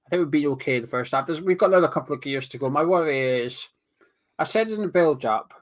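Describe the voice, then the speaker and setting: A man's voice: fairly high pitch, expressive, fast talker. A man talking through a football match in casual, rambling analysis. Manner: rambling, repeats his points. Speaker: football pundit.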